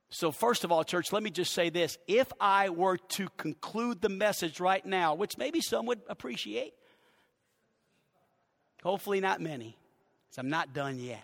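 A pastor with a Southern US accent preaching a sermon to his church, swinging between loud declarations and hushed emphasis. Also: sits high, expressive, moderate pace, vocal fry. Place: church sanctuary. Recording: long church hall reverb.

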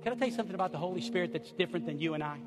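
A pastor preaching a sermon and leading a closing prayer, moving from hushed, intimate lines to rising, impassioned outbursts. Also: male voice, sits high, very fast. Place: church sanctuary. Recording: echoey hall with music behind. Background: soft music underneath.

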